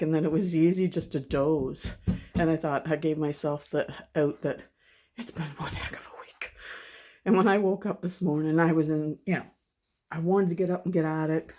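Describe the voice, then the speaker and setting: A woman's voice: low voice, warm tone. A woman chatting casually to the camera at home, rambling and correcting herself as she goes. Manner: chatty, rambling, frequent self-corrections and laughs. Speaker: vlogger.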